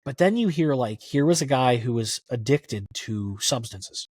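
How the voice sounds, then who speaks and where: With a mid-range, slightly rough voice at a measured pace, this man is a guest on a podcast and a historian of country music. He recounts stories in a loose, wandering way, lively in the retelling and heavy on "like." The sound is dry and cleanly studio-recorded.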